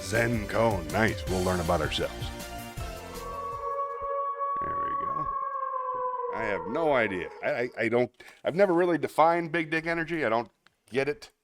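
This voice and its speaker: A man's voice: mid-range voice, a little fast, over loud music. A man hosting a casual livestream, rambling in a self-deprecating way and answering chat messages aloud. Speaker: livestream host.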